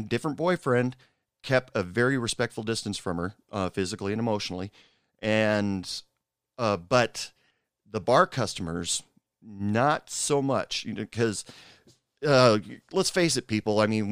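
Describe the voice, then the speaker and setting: Brief: middle-aged man, smooth low voice, dry close sound, rambling personal storyteller. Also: no echo. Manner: rambling, halting, with frequent asides. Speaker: former bartender telling stories.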